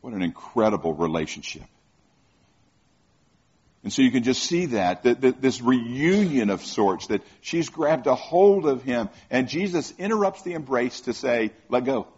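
A man's voice: mid-range voice, animated, unhurried, a little mellow, slightly rough, lo-fi sound. A man preaching a conversational sermon who keeps asking the listeners questions and often repeats his words.

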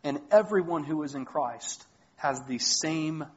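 A pastor with a northern US accent preaching a sermon in an earnest, emphatic way, reading scripture aloud. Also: male voice, on the high side, unhurried, lo-fi sound.

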